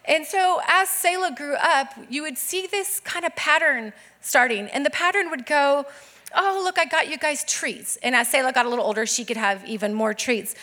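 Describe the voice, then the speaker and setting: A woman's voice: high voice, normal speed, few pauses. A woman pastor in her thirties preaching a sermon, telling stories animatedly and acting out the voices of the people in them. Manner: animated storytelling with acted-out quotes.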